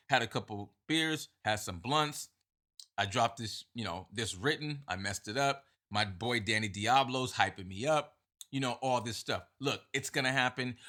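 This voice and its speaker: Bright-voiced upbeat male podcast host. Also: medium pitch. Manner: upbeat, affirming, slangy. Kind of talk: casual interview talk.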